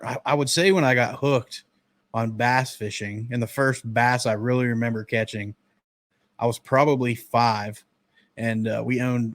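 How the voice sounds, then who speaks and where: A man in his thirties from the northern United States, telling relaxed childhood stories in a casual podcast talk. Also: medium pitch, no room sound. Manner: relaxed storytelling, drawn-out memories. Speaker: podcast host.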